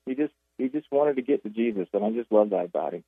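A man speaks as a radio guest, retelling Bible stories with animated storytelling and frequent restarts. His voice comes over a tinny phone line that is dry and close. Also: fairly low pitch, fast, slightly rough, no room sound. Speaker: author and guest. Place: Jacksonville.

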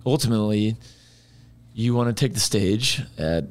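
Rambling low-voiced man musician. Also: moderate pace. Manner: rambling, animated storyteller. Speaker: musician guest. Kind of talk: casual chat.

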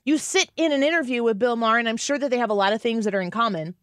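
A woman hosts a talk show in a close, dry sound and reads news stories aloud with lively, opinionated commentary. Her voice sits a little high. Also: very fast, no room sound. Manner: animated, reads news aloud and acts out quotes. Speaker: radio show host.

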